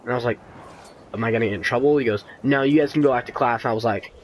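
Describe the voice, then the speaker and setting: Teenage boy, casual storytelling, mid-pitched voice, faint background noise. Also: racing, low-quality recording. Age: teens. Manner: rambling, many fillers and restarts. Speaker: gaming commentator. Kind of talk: casual storytelling over gameplay.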